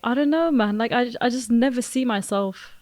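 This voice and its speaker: A woman's voice: on the high side, normal speed, darkish tone, no echo. A young woman, co-hosting a podcast in casual chat, teasing her friend and exclaiming often. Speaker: podcast co-host.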